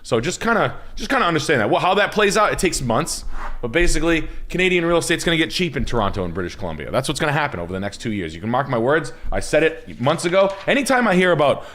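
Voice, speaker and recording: A man hosting a loose podcast chat in a mid-pitched voice that swings widely as he talks. He rambles, swears freely, and keeps checking in with the listener. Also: sing-song, fast, a bit bright. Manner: rambling, profane, keeps asking "right?". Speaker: podcast host.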